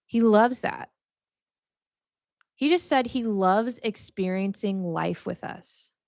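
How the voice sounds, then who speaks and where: Young woman, podcast host, casual faith talk, gravelly edge, dry close sound. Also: medium pitch, takes it slowly, a little mellow, no room sound. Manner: chatty, laughs often, many "like" fillers.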